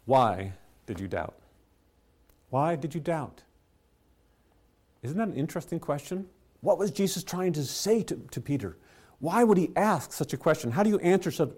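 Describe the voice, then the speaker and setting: A man preaching a sermon, telling stories with rhetorical questions and soft chuckles. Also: sits high. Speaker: pastor.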